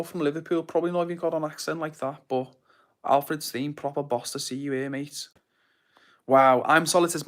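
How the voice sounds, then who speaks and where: A man's voice: medium pitch, fairly bright tone. A young man hosting a livestream, casually reading viewer comments and greeting people by name in a friendly, upbeat way. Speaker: livestream host.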